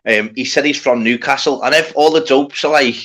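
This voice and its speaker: A man's voice: mid-range voice, a little fast, fairly bright tone. A man bantering as a panelist on an online chat stream, often mimicking other people and swearing freely. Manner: laddish banter, mimics others in raised voices. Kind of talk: casual chat.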